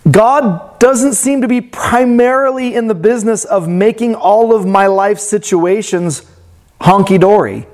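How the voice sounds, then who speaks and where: A man preaching a sermon in a reflective way that turns animated when he tells a story. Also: sits high. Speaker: pastor.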